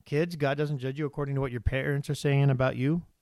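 A man's voice: medium pitch, steady tone, fast talker, a little mellow, no room sound, studio quality. A man preaching a conversational sermon, reading scripture and asking the congregation questions. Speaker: pastor.

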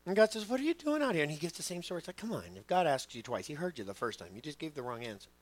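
A middle-aged man preaching a sermon as pastor, telling stories with lively quoted voices. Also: on the high side, racing. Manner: animated storytelling, acting out quoted voices.

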